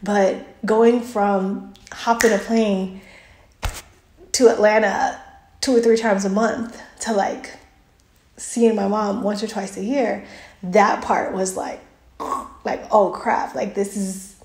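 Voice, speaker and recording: A woman's voice: mid-range voice, steady tone, slow, long pauses, darkish tone. A woman vlogger chatting earnestly, telling a personal story in a casual, faith-filled way. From United States. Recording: roomy echo.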